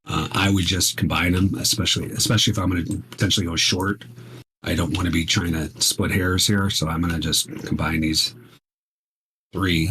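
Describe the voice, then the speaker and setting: A man's voice: low-pitched, pushed and bright, husky. A man teaching futures trading while he trades live, talking casually and emphatically, often checking in with "right?". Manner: conversational, emphatic, repeats "right?".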